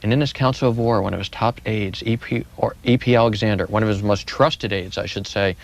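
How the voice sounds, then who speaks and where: A man's voice: lowish voice, steady tone, fairly quick, vocal fry. A man answering interview questions as a guest historian, telling history with vivid, dramatic repetition.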